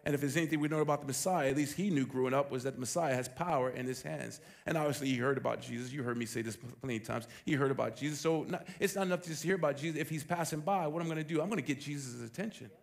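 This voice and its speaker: A man preaching a sermon as pastor, emphatic and animated, with rhetorical questions. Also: medium pitch, racing, creaky, few pauses.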